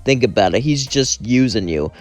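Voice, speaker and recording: A man's voice: mid-range voice, animated, moderate pace, a little mellow, natural voice. A man voicing a cocky, confident insect-like android warrior with a smug, taunting manner, over faint music.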